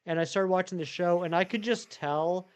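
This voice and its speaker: A man's voice: high voice, moderate pace, clean tone. A man live-streaming a game, chatting casually with viewers in a rambling way with many fillers.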